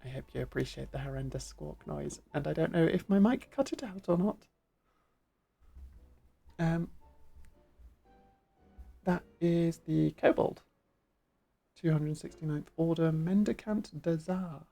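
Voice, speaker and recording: Chatty, gravelly woman streamer. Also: low-pitched, unhurried, pauses often, warm tone. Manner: chatty, self-deprecating, thinking aloud. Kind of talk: casual game-stream commentary. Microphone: studio mic with pop guard.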